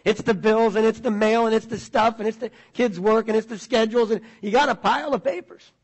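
A man's voice: high voice, steady tone, a little fast. A middle-aged man, preaching a conversational sermon and asking the congregation questions. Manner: conversational, repeats words, asks the audience questions. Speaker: pastor.

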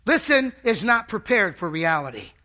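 A man's voice: sits high, sing-song, normal speed, pushed and bright. A man preaching a fervent sermon in a church, calling out to the congregation.

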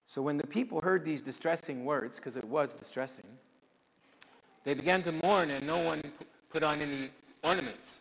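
A man preaching a sermon, conversational, with sudden swings between soft and loud. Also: a little high, moderate pace, vocal fry, in a large hall, a little hiss or hum, rough recording. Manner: conversational with dramatic swings in loudness. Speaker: pastor.

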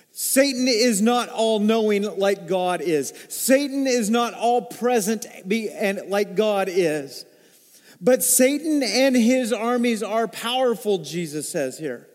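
High-voiced man preaching in a reverberant hall. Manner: preaching with swings from loud emphasis to hushed low asides. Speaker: pastor. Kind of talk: sermon. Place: church sanctuary.

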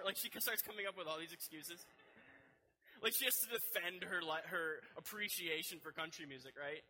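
Bright-voiced, animated young male preacher. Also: on the high side, brisk, low-quality recording. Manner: animated, storytelling, addresses listeners directly. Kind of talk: sermon with personal story.

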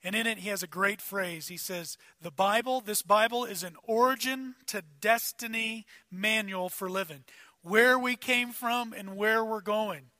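A man preaching a sermon as pastor, talking conversationally and swinging between loud emphasis and quiet asides. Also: sits high, a little slow, dry recording.

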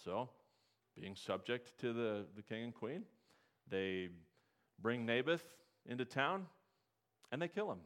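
Male pastor, mid-pitched, preaching a storytelling sermon with questions to the congregation. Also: animated, slow, pauses often, fairly bright tone.

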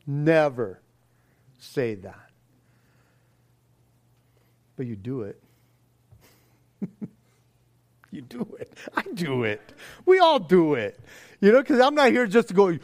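This pastor's fairly high voice swings hugely in pitch, and he moves slowly with long pauses. His sermon is conversational, earnest and casual, marked by stammering restarts and acted-out quotations.

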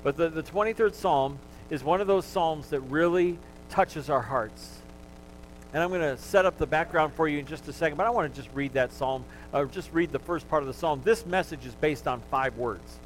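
Guy pastor preaching, chatty and joking w the crowd, kinda high voice, faint hum behind. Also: moderate pace, rough recording. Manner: conversational and joking with the congregation. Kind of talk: sermon.

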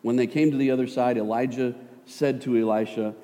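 A man preaches in a relaxed, chatty way, mixing scripture reading with jokes and acted-out asides. His voice is mellow and dark. It rings out with a long hall reverb, as in a church sanctuary. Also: medium pitch, normal speed, few pauses. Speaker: pastor. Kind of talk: sermon.

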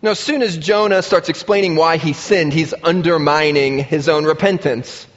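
A man preaching a sermon, lively and expressive, acting out the voices of the people he quotes. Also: a little high, moderate pace. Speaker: pastor. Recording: muffled sound with long reverb in a large hall.

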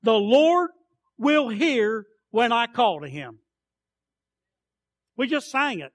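A man preaching a sermon with passion, declaiming scripture and then dropping to soft, quiet asides. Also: extremely high pitch, very animated, slow, long pauses, no echo.

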